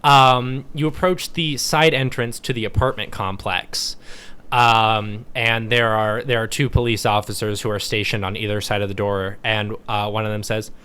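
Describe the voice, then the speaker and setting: Casting: bright, casual male game master narrating a tabletop game. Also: fairly low pitch, moderate pace, clean tone. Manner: relaxed, laughing easily.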